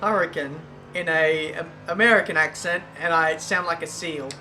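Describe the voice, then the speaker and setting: A man's voice: fairly high pitch, fairly even intonation, bright, forceful tone, soft background music. A young man giving casual, self-mocking commentary while playing a racing game. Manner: chatty, self-mocking, quick exclamations. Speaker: gaming YouTuber. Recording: game audio and engine noise behind.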